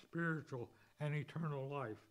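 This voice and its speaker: A man preaching a sermon, slowly and deliberately reading scripture and hymn lyrics. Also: on the high side, low-quality recording.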